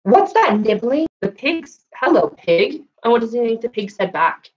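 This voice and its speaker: A woman leading a children's story time and craft lesson, speaking in a sing-song, animated way and doing animal sounds for kids. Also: on the high side, a little slow, dull audio. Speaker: children's librarian.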